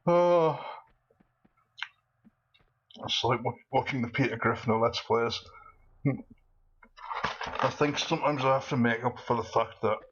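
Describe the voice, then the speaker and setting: A man's voice: mid-range voice, measured pace, pauses often, fairly bright tone, dull audio, slight background noise. A man doing casual gameplay commentary with a cold, rambling in a manic way and laughing often. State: has a cold. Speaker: let's play commentator.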